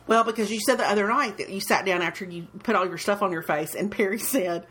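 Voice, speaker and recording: A woman's voice: mid-range voice, quick pace, a bit bright. A woman, co-hosting a casual podcast chat, talking freely and often restarting and repeating her words. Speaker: podcast co-host.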